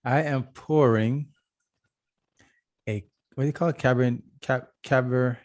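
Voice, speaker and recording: A man's voice: medium pitch, unhurried, darkish tone. A man co-hosting a podcast, telling an easygoing story while stumbling over words. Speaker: podcast co-host. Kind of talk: casual chat.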